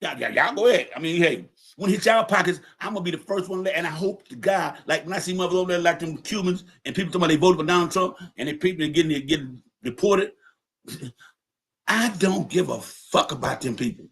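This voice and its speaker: A man hosting his own podcast livestream, in the middle of a heated, profane rant. He talks in a somewhat high voice, confronting his viewers directly and repeating lines to drive them home. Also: fast, fairly bright tone. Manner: angry, profane, repetitive, confrontational. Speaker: podcast host. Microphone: livestream setup.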